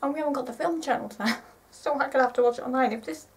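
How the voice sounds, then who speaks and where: A woman in her twenties chatting casually to camera in a rambling, excitable way, often correcting herself. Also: high-pitched, rapid-fire, distant mic, low-quality recording. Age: 20s. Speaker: vlogger.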